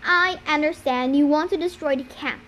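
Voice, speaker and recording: A furious young heroine from a storybook, her voice jumping sharply high and loud as she lashes out, put on by a woman reading aloud. The voice sits well above the reader's own, raw and strained with anger, and the faint hiss of an amateur recording stays under it. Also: normal speed. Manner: shouting, outraged, high and strained.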